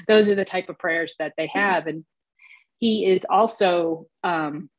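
A woman's voice: on the low side, slow pace, dry recording. A woman sharing her story at a recovery meeting, hesitant, with many fillers and restarts. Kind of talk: personal share at a recovery meeting.

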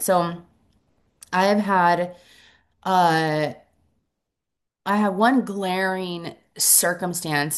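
A middle-aged woman sharing her story at a support meeting, earnest and reflective, pausing often and restarting her sentences. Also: on the low side. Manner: halting, earnest, reflective, many pauses and restarts. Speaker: recovery group member sharing.

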